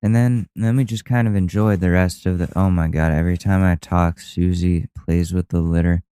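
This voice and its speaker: Solo podcast host, male, low-ish clean voice, dry close sound, rambles and laughs at himself. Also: steady tone, moderate pace, dark tone, smooth, no echo. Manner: rambling, self-deprecating, many restarts and fillers. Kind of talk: casual storytelling monologue. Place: at home.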